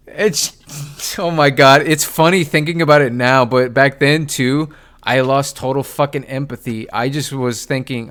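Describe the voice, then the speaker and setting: A man's voice: a little high, expressive, unhurried, a bit bright. A young man hosting a podcast, telling a story in casual chat, swearing and laughing, acting out what people said. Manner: laughing, swearing, acts out quotes. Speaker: podcast host.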